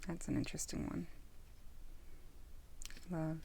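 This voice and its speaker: A woman's voice: low voice, unhurried, slight background noise. A woman casually reviewing a tarot deck, musing aloud, losing her thread and correcting herself. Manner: musing, self-interrupting, easily sidetracked.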